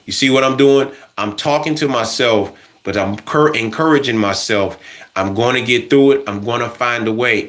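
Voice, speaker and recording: A man's voice: lowish voice, fairly bright tone. A man talking casually in a motivational vlog, repeating earnest, encouraging affirmations to himself and to viewers. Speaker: motivational vlogger. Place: home washroom.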